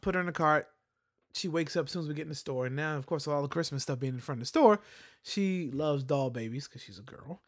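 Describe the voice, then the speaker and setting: A man's voice: on the high side, fast. A young adult man telling a story in a casual chat, acting out the voices of the people in it. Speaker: podcast co-host.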